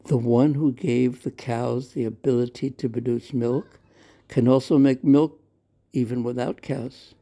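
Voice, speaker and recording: A tender storybook mother, soothing and patient, explaining slowly to her small son, voiced by a man. the voice is dark and mellow with a gravelly, husky grain. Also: medium pitch, steady tone. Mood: gentle. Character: gentle loving mother of the child.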